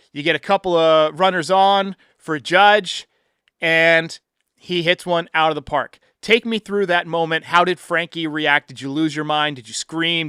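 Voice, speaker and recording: Male sports podcast host, smooth clear voice, animated storyteller. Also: on the high side, dry recording, clean studio sound. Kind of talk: casual sports chat.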